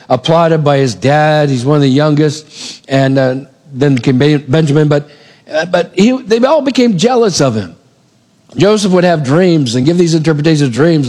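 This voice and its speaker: A man preaching a sermon, retelling a scripture story in a lively way and acting out the characters' lines. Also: fairly high pitch. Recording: long reverb of a large hall.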